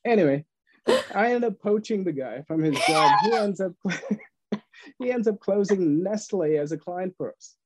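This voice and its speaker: A man, an entrepreneur guest on a podcast, telling lively stories with frequent laughs and acted-out dialogue. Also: high voice, measured pace. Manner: animated storyteller, laughs often, acts out dialogue. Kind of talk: casual storytelling interview.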